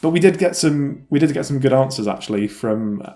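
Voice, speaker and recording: A man's voice: mid-range voice, expressive, brisk, mellow. A man hosting a gaming podcast, chatting casually and telling stories, often restarting sentences and swearing now and then. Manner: rambling, self-correcting, swearing, laughs at own stories. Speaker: podcast host. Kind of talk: casual storytelling chat.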